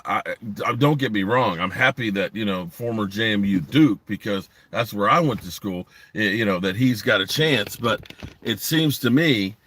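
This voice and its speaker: A man's voice: lowish voice, sharp tone, no room sound. A man hosting a sports podcast live stream from a parked driveway, talking bluntly and rambling while reading comments from his chat.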